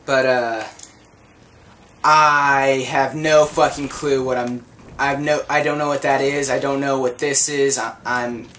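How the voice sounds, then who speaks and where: A man's voice: medium pitch, little pitch movement, unhurried, fairly bright tone, slight background noise. A young man giving casual let's play commentary, confused, swearing a lot, laughing and yelping whenever he gets hit. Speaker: gameplay commentator.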